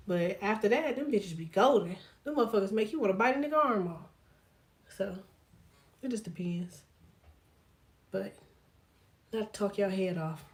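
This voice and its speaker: A woman tarot reader on a casual livestream who talks straight to her viewers, swears freely and laughs often as she jokes. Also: on the high side. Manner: profane, blunt and jokey, laughs often; talks to viewers directly, reads chat aloud.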